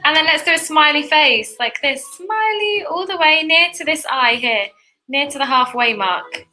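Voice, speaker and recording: A woman's voice: high-pitched, animated, moderate pace, sharp tone, soft background music. A young woman giving cheerful, chatty step-by-step painting instructions as a tutorial host.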